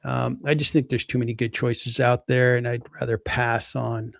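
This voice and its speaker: A man's voice: medium pitch, moderate pace, gravelly, dry recording, clean studio sound. A man hosting a live stream, walking casually through a company's stock valuation and thinking aloud as he goes. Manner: relaxed, thinking aloud with fillers. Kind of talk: casual stock analysis talk.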